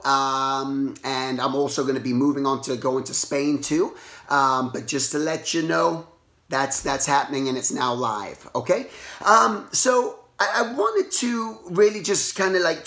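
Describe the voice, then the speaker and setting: A hoarse man who has lost his voice, hosting a casual motivational talk and rambling with lots of restarts. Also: fairly high pitch. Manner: rambling, animated, restarts often. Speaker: artist and show host. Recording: roomy echo.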